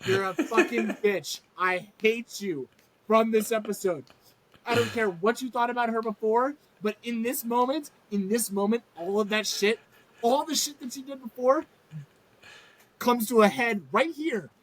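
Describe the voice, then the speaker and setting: A woman's voice: on the high side, unhurried, a little hiss or hum, poor audio. A woman co-hosting a casual show recap, ranting heatedly, swearing a lot and laughing often. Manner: acts out characters' lines in a mocking tone. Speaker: podcast co-host.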